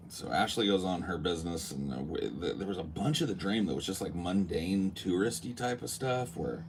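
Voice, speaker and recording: Podcast host, male, very deep voice, animated casual storyteller who swears. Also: normal speed, slight background noise. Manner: animated, acts out quotes, swears freely.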